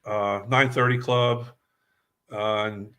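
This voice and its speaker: A man's voice: fairly low pitch, flat delivery, slow pace, a bit bright, clear, resonant tone. An older man from New York, a guest musician, telling long stories in a rambling way and repeating words as he remembers. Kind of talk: casual storytelling interview.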